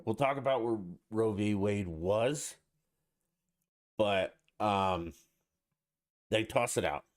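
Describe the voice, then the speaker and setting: A man's voice: lowish voice, takes it slowly. A man hosting his own podcast alone, talking in a blunt, irritated and profane way. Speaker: podcast host. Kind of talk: casual solo podcast rant.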